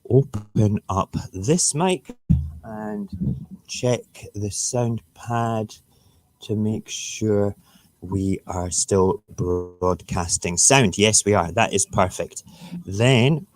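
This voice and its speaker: A man's voice: fairly low pitch, sing-song, extremely slow, creaky. A man hosting a casual morning live stream, chatting loosely to viewers and rambling through stories while making breakfast.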